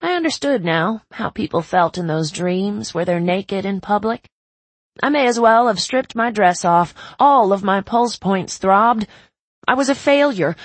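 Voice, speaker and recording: A woman's voice: mid-range voice, animated, unhurried, slightly rough, dry recording. A woman giving intimate, emotional first-person audiobook narration.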